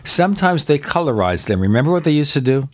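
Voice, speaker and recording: A man's voice: on the high side, sing-song, quick pace, dry recording, clean studio sound. An older American man co-hosting a casual chat, telling movie and TV trivia with enthusiasm. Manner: chatty, enthusiastic storyteller. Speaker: co-host.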